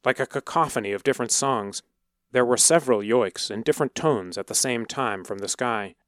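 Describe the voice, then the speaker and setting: A man narrating a story in a measured, dramatic way. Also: medium pitch, a bit bright, no room sound, studio quality. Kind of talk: scripted narration.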